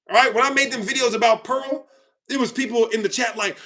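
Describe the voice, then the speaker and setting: High, bright-voiced man ranting heatedly. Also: fast talker. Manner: heated, confrontational, repetitive, swings loud and quiet. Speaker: channel host. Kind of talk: ranting commentary to viewers.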